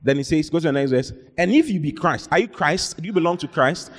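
Male preacher, higher-pitched, swings his voice up and down as he exhorts the congregation, long hall reverb. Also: animated, fast. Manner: exhorting, calls out to the congregation, reads scripture aloud. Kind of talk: sermon with Bible readings.

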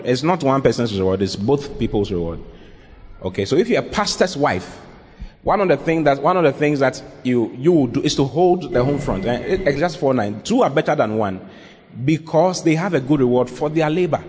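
A man's voice: mid-range voice, darkish tone. A male pastor giving earnest, emphatic counsel during a sermon Q&A, often repeating his points. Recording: long reverb in a large hall.

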